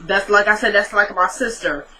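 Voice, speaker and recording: Woman vlogger, bright voice, chatty recap with quoted dialogue, faint background hiss. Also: mid-range voice, normal speed, low-quality recording. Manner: retells scenes quoting characters, chatty with likes and asides. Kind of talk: casual episode recap.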